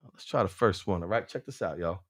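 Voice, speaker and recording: A man's voice: low-pitched, a little fast, no room sound, clean studio sound. A man hosting a podcast, earnestly telling a motivational personal story in casual, slangy speech and addressing the listener by name. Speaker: podcast host.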